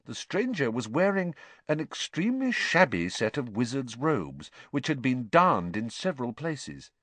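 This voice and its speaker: A man reading an audiobook aloud, narrating in an expressive storytelling manner. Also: medium pitch, measured pace, no echo.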